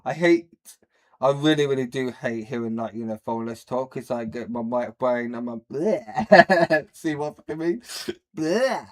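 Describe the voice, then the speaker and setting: A man's voice: mid-range voice, moderate pace, darkish tone. Rambling, crude man. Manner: crude, rambling and laughing at his own slips. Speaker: streamer reacting to a video. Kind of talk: casual reaction commentary.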